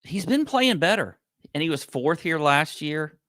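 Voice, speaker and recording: A man's voice: fairly high pitch, sing-song, unhurried, a bit bright, dry recording, clean studio sound. A man co-hosting a golf podcast over a remote call, talking in an easygoing way and often restarting his words. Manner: easygoing, hesitant, repeats words. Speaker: podcast co-host. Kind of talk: casual golf betting chat. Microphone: remote call over unstable Wi-Fi.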